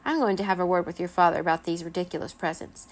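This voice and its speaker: Reading a children's storybook, a woman voices a stern vampire mother who scolds and screeches. Her tone is steady and she talks fast, with a shrill, theatrical, scolding manner.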